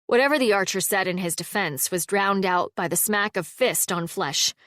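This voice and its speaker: A woman narrating a cozy fantasy audiobook in a steady, wry storytelling manner on a close mic. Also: medium pitch, moderate pace, dry recording. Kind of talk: scripted narration.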